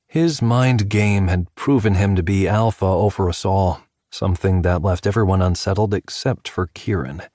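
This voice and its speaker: A man reads a first-person audiobook in a measured, even manner. His voice sits very low, and the studio recording is dry and close. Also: dry recording. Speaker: audiobook narrator. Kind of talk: scripted first-person narration.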